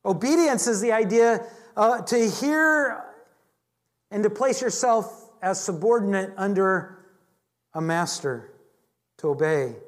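A man's voice: high voice, animated, takes it slowly, long pauses. A man teaching a Bible lesson in a chatty, joking sermon style, often restarting his sentences. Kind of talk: conversational sermon.

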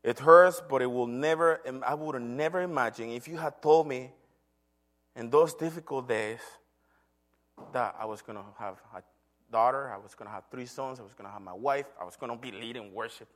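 Middle-aged man, church elder, earnest preaching, storytelling sermon, mid-pitched voice. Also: moderate pace, fairly bright tone. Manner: earnest, storytelling with acted quotes. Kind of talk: sermon testimony.

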